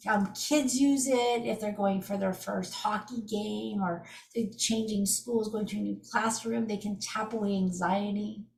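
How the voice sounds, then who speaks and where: Recorded off-mic in an echoey room, this mid-range-voiced, middle-aged woman explains an energy healing technique. She tells it as an enthusiastic, casual story full of lively asides.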